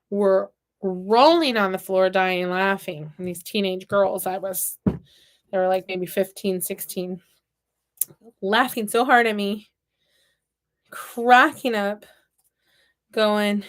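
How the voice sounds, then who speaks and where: A woman's voice: medium pitch, fairly even intonation, slow pace, pauses often, a bit bright. A woman in her thirties chatting casually and telling playful stories while she repairs toys with her hands. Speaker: toy repair vlogger. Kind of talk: casual chat while crafting.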